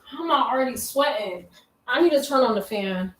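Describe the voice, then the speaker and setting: Speaking expressively and a little fast, a young woman with a slightly bright, highish voice chats casually with her livestream audience. She's in her bedroom, using slang and panting from making her bed. The sound is echoey, with faint noise.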